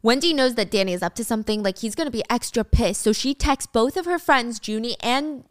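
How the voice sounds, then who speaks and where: A young woman tells a drama recap in a chatty, animated way. Her voice is smooth, clear and a bit high, recorded close in a dry room. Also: a little fast, no room sound. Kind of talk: casual drama recap narration.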